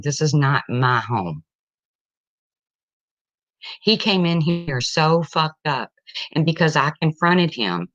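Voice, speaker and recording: A woman's voice: low-pitched, no echo. Heated, blunt middle-aged woman, dull lo-fi sound. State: tearful at times. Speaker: parent venting online. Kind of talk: emotional personal rant.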